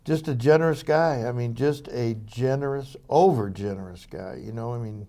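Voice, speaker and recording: A man's voice: mid-range voice, normal speed, dark tone. An older man, a former police officer, telling anecdotes in an interview, with many fillers and restarts. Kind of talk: storytelling interview.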